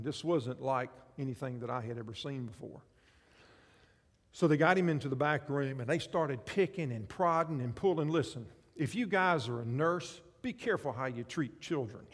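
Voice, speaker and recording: A male pastor preaching a sermon, animated, swinging between loud passages and soft ones. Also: mid-range voice, normal speed, long reverb tail.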